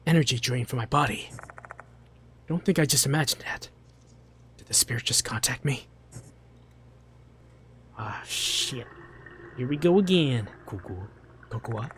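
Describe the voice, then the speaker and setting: A man's voice: mid-range voice, a bit bright, slight background noise. A man doing casual let's play commentary on a horror game, reading the text aloud in a jumpy, nervous, joking way.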